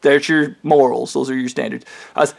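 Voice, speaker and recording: A man's voice: mid-range voice, steady tone, a little fast, gravelly. A man talking straight to the camera in a rambling personal monologue, ranting in an agitated, profane way and often restarting his sentences. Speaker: vlogger.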